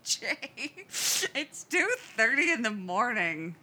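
Brief: amused big brother, put on by a woman narrator, coos and teases, fighting laughter, bright and higher. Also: sing-song, slow, breathy edge, heavily acted. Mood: coaxing. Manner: cooing, barely holding back laughter. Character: teasing young adult man, amused big brother.

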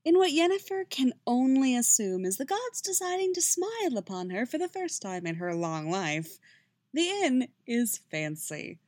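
Woman narrating with a lively voice. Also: mid-range voice, dry recording, studio quality. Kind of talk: fan fiction reading.

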